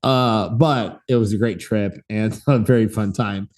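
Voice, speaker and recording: A man in his thirties co-hosting a podcast, telling a story in a lively, casual way and acting out the voices in it. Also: fairly low pitch, a little slow. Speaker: podcast co-host.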